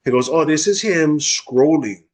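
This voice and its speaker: A young man from Hawaii, telling a wild personal story in a fast, unfiltered way as a podcast guest. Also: on the high side. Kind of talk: casual storytelling.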